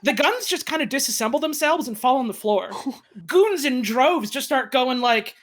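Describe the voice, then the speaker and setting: Woman spinning a wild improv story, voice jumping all over, kinda high. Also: moderate pace. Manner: animated, bursts into shouted character voices. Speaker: improv player.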